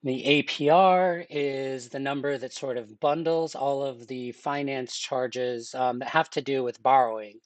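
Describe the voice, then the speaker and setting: A man's voice: medium pitch, unhurried, hardly any pauses, no room sound. Chatty man teaching a webinar. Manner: relaxed, chatty, with filler words and asides. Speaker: webinar instructor. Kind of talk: live online exam-prep lesson.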